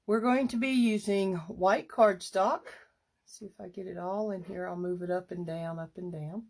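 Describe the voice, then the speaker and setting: A woman demonstrating a paper craft on a live stream, chatty and unhurried, stopping now and then to clear her throat. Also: on the low side, steady tone, darkish tone.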